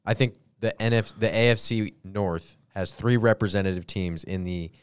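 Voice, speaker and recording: Male sports co-host, plain and matter-of-fact, smooth clear voice, dry studio sound. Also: lowish voice, normal speed, no room sound. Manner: plain, matter-of-fact, makes firm short picks. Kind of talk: casual sports debate.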